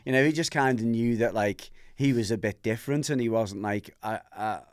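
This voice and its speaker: A host from Merseyside, telling a candid personal story on a podcast and acting out the voices in it. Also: male voice, mid-range voice, brisk, smooth, no room sound, studio quality. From Merseyside, England. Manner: animated, acts out voices in his anecdotes.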